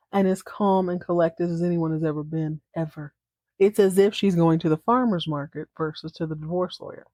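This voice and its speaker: A woman's voice: fairly low pitch, dark tone, no echo. A woman hosting a casual podcast, giving a chatty, playful and dramatic retelling full of asides. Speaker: podcast host.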